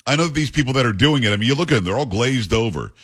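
A man's voice: medium pitch, expressive, fairly bright tone, husky. A man hosting a talk radio call-in show, blunt and opinionated, speaking into a studio microphone. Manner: blunt, opinionated, rapid asides.

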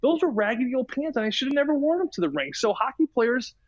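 A man co-hosting a sports podcast, telling stories in a lively, self-mocking way and acting out what people said. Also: very high voice, quick pace, dull audio. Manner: animated storyteller, acts out quotes. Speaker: podcast co-host, former hockey player. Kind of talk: casual chat.

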